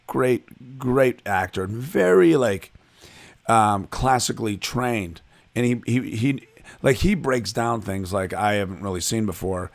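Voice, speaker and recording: Man from Chicago, animated, self-deprecating comedian, podcast interview guest. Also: on the low side. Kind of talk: casual interview chat.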